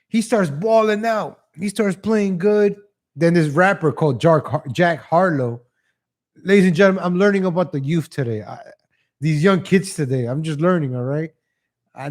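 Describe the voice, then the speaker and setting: Guy ranting on his stream, kinda high voice, rambly, keeps chuckling and saying ladies and gentlemen. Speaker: livestream host. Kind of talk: casual opinion commentary.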